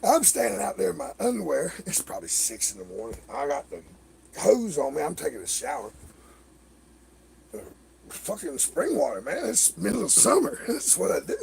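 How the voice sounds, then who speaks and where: A middle-aged man spins long stories on his livestream, with a gravelly, creaky voice that sits fairly high. His pitch swings widely as he acts out what others said, cursing and laughing along the way. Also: moderate pace. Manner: animated, swearing, laughing storyteller who acts out others' lines. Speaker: livestream host. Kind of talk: casual storytelling chat.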